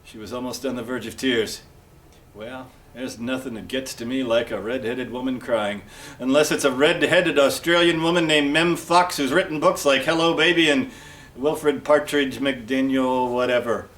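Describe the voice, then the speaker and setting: A man's voice: medium pitch, steady tone, moderate pace, a bit bright. A man narrating a hard-boiled detective parody in a wisecracking tough-guy manner, announcing a library storytime.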